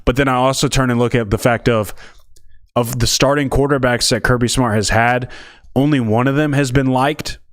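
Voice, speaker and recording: A man co-hosting a football podcast, speaking casually and haltingly. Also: mid-range voice, steady tone, no echo, studio quality. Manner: hesitant, halting. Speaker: podcast co-host. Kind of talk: casual sports talk.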